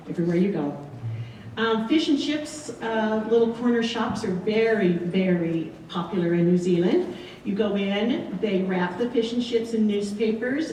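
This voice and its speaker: Chatty woman presenting slides, warm mellow voice, recorded from afar in a big echoey room. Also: medium pitch, slight background noise. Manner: chatty, many ums, light laughs. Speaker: returned missionary giving a slideshow talk. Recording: echoey room, distant mic.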